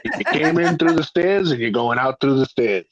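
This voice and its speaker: High-voiced, brash storytelling man. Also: normal speed, low-quality recording. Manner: brash, profane, animated storyteller. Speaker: podcast host. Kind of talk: casual chat, storytelling.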